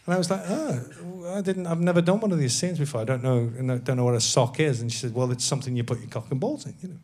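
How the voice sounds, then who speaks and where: Male guest, a touch high-pitched, self-mocking raconteur on a live show. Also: quick pace, few pauses, darkish tone. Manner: laughing storyteller, self-deprecating. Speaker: actor guest. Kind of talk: casual anecdote on a live comedy podcast.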